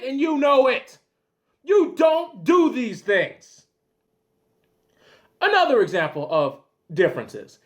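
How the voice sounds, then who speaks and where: A man hosting a commentary show, delivering a loud, exasperated, swearing comedic rant and acting out little scenes. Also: very high-pitched, big pitch swings, takes it slowly, pauses often.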